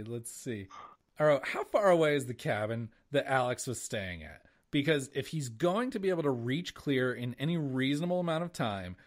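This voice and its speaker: A man co-hosting a casual podcast, talking with a lively, swinging pitch. He swears freely, laughs a lot and gets worked up. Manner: animated, swearing, laughs often. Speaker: podcast co-host. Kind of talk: casual chat.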